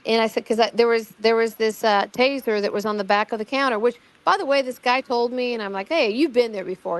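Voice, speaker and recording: Rambling middle-aged woman telling a story. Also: on the high side. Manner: rambling, repeats words and restarts, quotes others in her story. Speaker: guest recounting her own amateur investigation. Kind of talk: casual storytelling conversation.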